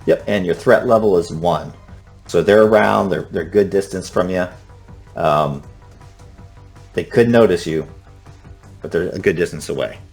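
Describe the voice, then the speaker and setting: A man narrating a tabletop horror game as game master, speaking in a hushed, unhurried way with frequent restarts. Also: low voice, vocal fry, soft background music.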